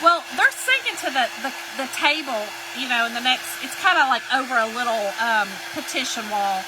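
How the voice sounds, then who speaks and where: A woman's voice: high voice, expressive, brisk. A woman, telling a folksy story in a chatty way while she crafts and greets viewers during a live stream. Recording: hair dryer noise in background.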